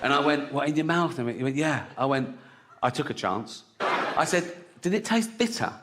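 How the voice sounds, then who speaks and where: An English man doing stand-up comedy on a theatre stage in a conversational style, often adding "right?" and jumping into high, laughing voices. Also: lively intonation, moderate pace, background noise. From England. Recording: live hall with audience.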